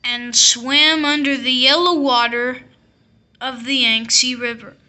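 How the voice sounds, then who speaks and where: A woman reading a classic picture book aloud, telling the story slowly and expressively. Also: high voice, steady tone, pushed and bright. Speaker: storybook reader.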